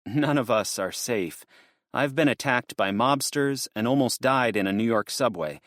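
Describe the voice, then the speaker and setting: A man's voice: mid-range voice, moderate pace, a bit bright, dry recording, clean studio sound, close to an everyday voice. A man voicing an anxious young man who pleads and pushes to get where he is going. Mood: urgent, pleading. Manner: earnest, urgent.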